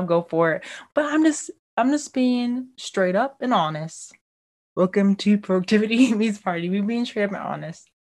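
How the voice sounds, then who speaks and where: Bubbly chatty woman podcast host. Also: medium pitch. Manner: bubbly, chatty, often says "like" and "y'all", laughs easily. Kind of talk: casual solo podcast chat. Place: home laundry room.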